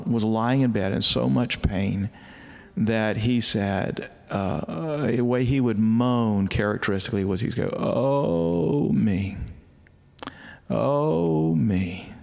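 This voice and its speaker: A middle-aged pastor and author, telling stories as an interview guest, often restarting and acting out voices. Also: male voice, on the low side, vocal fry, long reverb tail. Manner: animated storyteller who restarts often and acts out voices.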